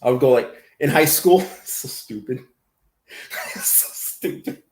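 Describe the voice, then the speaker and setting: A man's voice: medium pitch, lively intonation, normal speed, darkish tone, reverberant. A man hosting a casual livestream, rambling and laughing as he reacts to chat comments. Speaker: livestream host.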